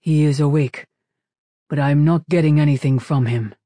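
A man's voice: fairly high pitch, fairly even intonation, normal speed, warm tone, no room sound, natural voice. A man doing a curt, brusque ship engineer woman.

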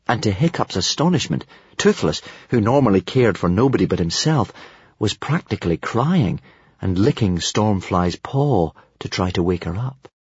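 An audiobook narrator with a fairly low, husky voice reads a children's storybook expressively and without hurry. The recording is dry with no echo and sounds slightly muffled.

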